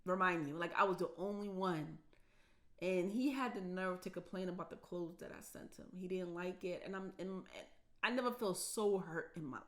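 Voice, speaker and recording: A woman's voice: fairly low pitch, moderate pace. Woman vlogger, casual storytime, emphatic and repetitive, voice cracking from tears. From United States.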